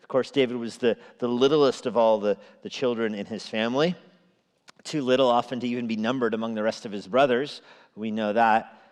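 A man's voice: mid-range voice, steady tone, brisk, darkish tone. A male pastor giving an evening sermon in a conversational way, with asides and chuckles. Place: church sanctuary. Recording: long reverb of a large hall.

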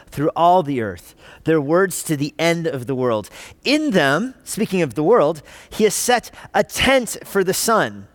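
Male pastor, sermon delivery, higher voice with a lively swing, dry close sound. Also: no echo. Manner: animated, conversational preaching with rhetorical questions. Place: church.

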